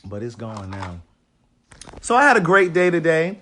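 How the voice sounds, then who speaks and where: A raspy-voiced man from Maryland, an author hosting a casual livestream from a hotel room and greeting viewers by name. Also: on the high side, wildly swooping pitch, normal speed, fairly bright tone.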